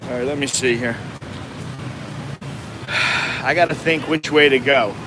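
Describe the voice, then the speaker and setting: A travel vlogger from the United States walking through a city, chatting in a wry, self-mocking way with chuckling asides, sweaty from the heat. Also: male voice, mid-range voice, a little slow. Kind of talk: casual walking vlog. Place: busy city streets outdoors. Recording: outdoor street noise.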